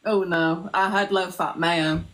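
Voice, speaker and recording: A woman's voice: fairly low pitch, steady tone, a little slow, fairly bright tone, low-quality recording. A young woman, chatting openly as a guest on a live stream and laughing easily. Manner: friendly, laughs easily, frank. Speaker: guest, former patient. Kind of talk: casual chat.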